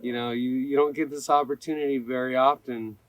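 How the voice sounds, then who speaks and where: A man's voice: mid-range voice, little pitch movement, brisk, dry recording. A young adult man speaking bluntly in a casual interview, swearing freely and laughing at himself. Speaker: climber telling his story.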